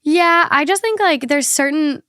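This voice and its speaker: Young woman podcast host, casual chat, blunt and candid, higher voice, dry close sound. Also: unhurried, pushed and bright, dry recording.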